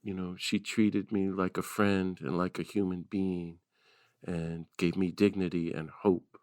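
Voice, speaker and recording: A man, a priest and activist, telling stories on a podcast as a guest, lively and laughing as he goes. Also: sits low, measured pace, dry recording, clean studio sound. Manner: lively storyteller who laughs and acts out quotes. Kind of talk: conversational storytelling.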